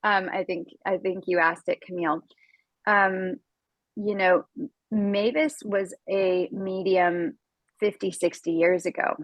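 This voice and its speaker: A woman's voice: mid-range voice, steady tone, a little slow, dry recording, poor audio. An earnest American woman talks at length as a podcast guest, circling back with fillers and restarts as she tells her story. Her voice sits mid-range and the recording is dry and close. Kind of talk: casual conversation.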